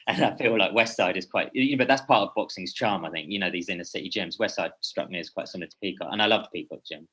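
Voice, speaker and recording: A man's voice: low-pitched, quick pace, fairly bright tone, slightly rough, rough recording. A man talking as a podcast guest, a boxing journalist who speaks in a meandering, hesitant way and keeps correcting himself. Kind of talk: casual podcast conversation.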